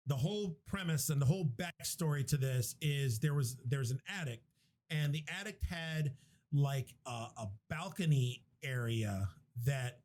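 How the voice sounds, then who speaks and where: A man's voice: fairly high pitch, a little mellow. A man hosting a podcast, retelling a movie plot in a rambling, profane, casual way. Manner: rambling, profane storytelling with restarts. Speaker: podcast host. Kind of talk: casual movie recap chat.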